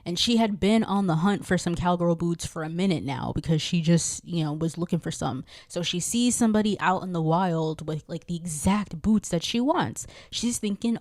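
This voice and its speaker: Brief: woman podcast host, slightly low voice, playful and chatty, dry close sound. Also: normal speed, few pauses, darkish tone, dry recording. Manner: chatty, playful, talks to herself and answers. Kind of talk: casual podcast chat.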